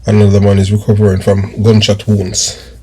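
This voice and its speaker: Husky Jamaican man hosting a crime channel. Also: fairly low pitch, completely flat delivery, normal speed, a little mellow. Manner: emphatic, repeats phrases for stress. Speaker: crime news channel host. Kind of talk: commentary vlog.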